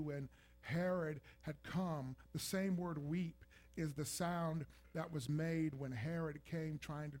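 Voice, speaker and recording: A man preaching a sermon, building to loud, emphatic peaks and acting out scripture scenes. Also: fairly high pitch. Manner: builds from calm to shouting intensity, acts out scripture voices.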